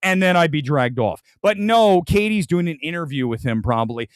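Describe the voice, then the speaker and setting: High-pitched, animated man ranting. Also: moderate pace, smooth, no echo, studio quality. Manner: combative, mocking, theatrical outbursts. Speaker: movie review show host. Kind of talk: ranting commentary on film reviews.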